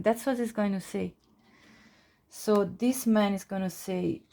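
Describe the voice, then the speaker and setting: A woman's voice: mid-range voice, steady tone, moderate pace, creaky, dark tone. Woman tarot reader, casual and chatty, laughs easily, talks with fillers and restarts. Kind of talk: casual pick-a-card tarot reading.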